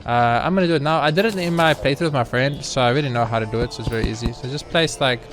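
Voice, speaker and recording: Brief: young male let's-play host, sarcastic and self-mocking, swears a lot, mid-pitched voice, game music clearly audible behind him. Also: racing. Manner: sarcastic, mock-boastful, swears freely. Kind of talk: casual gameplay commentary.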